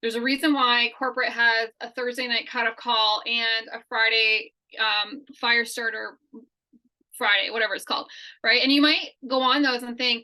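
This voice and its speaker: A woman's voice: fairly high pitch, fairly even intonation, normal speed, pushed and bright, poor audio. A woman hosting a weekly team training call, speaking in an upbeat, persuasive way.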